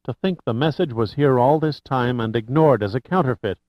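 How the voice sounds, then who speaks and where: A man's voice: medium pitch, moderate pace, dry recording, lightly acted. A man voicing a studious woman expert who speaks carefully, in a dull lo-fi recording.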